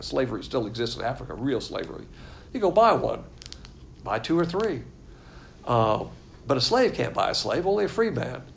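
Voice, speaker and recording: A man's voice: medium pitch, vocal fry, a little hiss or hum. A man preaching a sermon in a blunt, emphatic, conversational way.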